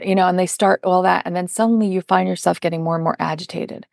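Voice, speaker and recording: Emphatic woman with a gravelly edge. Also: lowish voice, fairly even intonation, normal speed, a little mellow, no room sound, clean studio sound. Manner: emphatic, explanatory, acts out quoted voices. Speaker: parenting coach, podcast guest. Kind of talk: conversational interview.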